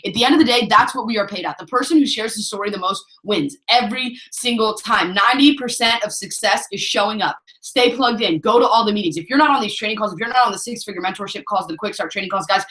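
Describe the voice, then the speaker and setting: Recorded roughly in an echoey room, this network marketing trainer speaks with a fairly high, fairly bright voice. Her sales training talk is a pep talk that urges the team on, with lots of repetition and constant use of "guys."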